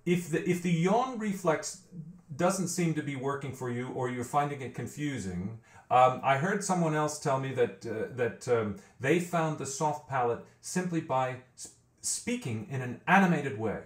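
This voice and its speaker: A man's voice: mid-range voice, animated, moderate pace, echoey room. A man teaching a vocal training lesson, explaining step by step and often repeating words as he thinks. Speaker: vocal coach.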